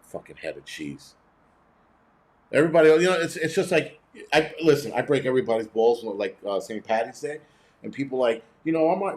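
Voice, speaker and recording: A man's voice: mid-range voice, big pitch swings, a little fast. A middle-aged man hosting a livestream, reading chat and ranting bluntly with heavy cursing in a cranky, rambling way.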